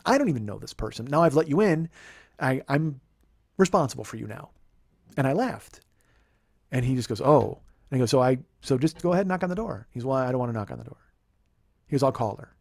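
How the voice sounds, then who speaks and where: A man's voice: medium pitch, darkish tone, dry recording, studio quality. Profane man telling a heated story. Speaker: comedian host.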